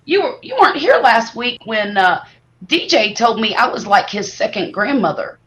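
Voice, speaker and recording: A middle-aged woman, hosting a live stream and telling stories in a lively, exaggerating way. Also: on the high side, normal speed, crowd noise. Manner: animated, exaggerating storyteller. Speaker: livestream host. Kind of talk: casual storytelling chat.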